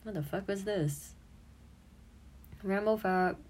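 A woman's voice: mid-range voice, slow pace, darkish tone. A woman in her twenties, an audio creator and streamer, chatting casually and giggling as she looks back on her old posts, swearing freely.

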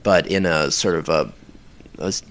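A man talking casually in an interview about his audio recordings, rambling with many pauses and restarts. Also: extremely low pitch, a bit bright, a little hiss or hum.

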